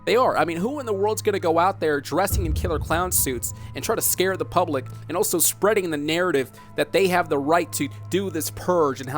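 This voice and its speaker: A man's voice: a little high, a little fast, hardly any pauses, soft background music. A man hosting a dramatic commentary vlog, talking emphatically, repeating himself and asking rhetorical questions. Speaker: host.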